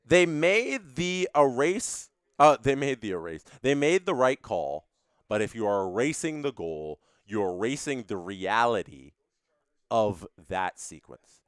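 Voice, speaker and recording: A man's voice: mid-range voice, sing-song, unhurried, smooth, no echo, studio quality. A man hosting a live stream, reading viewer chats and ranting opinionatedly, often repeating his phrases.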